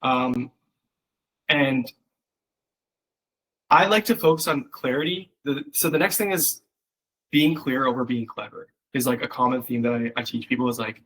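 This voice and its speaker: The poor audio captures a man with a medium-pitched, somewhat bright voice who speaks at normal speed but pauses often. He's a copywriting coach giving an informal one-on-one critique, leaning on fillers and acting out quoted voices to make his points.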